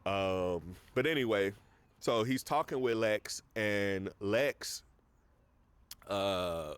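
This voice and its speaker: A man's voice: fairly low pitch, extremely slow, clear, resonant tone, no room sound. A man casually recapping a movie on a podcast, rambling with lots of fillers. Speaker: podcast host.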